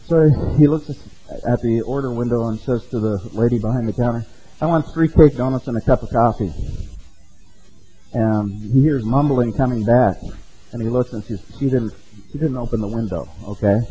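A man's voice: medium pitch, moderate pace, dark tone, slightly rough, soft background music, low-quality recording. A man preaching a sermon in a conversational way, often checking in with his listeners with "okay?" and "right?". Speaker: pastor.

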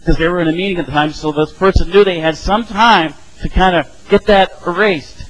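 A man's voice: high voice, a little fast, a bit bright, low-quality recording. A middle-aged man teaching a casual Bible study, talking conversationally and acting out the voices of the people in his stories. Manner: conversational, acts out quoted voices.

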